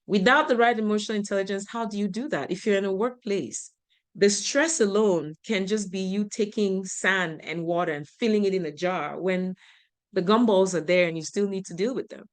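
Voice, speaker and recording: A woman's voice: mid-range voice, moderate pace. A woman giving a motivational talk, talking conversationally, asking the audience questions and laughing easily as she tells stories. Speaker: speaker.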